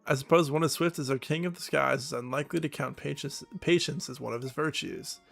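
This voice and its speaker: A man's voice: fairly high pitch, a little fast, gravelly, fairly bright tone, soft background music. A man reading the lines of a flowery, long-winded male noble advisor from a video game. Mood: pompous.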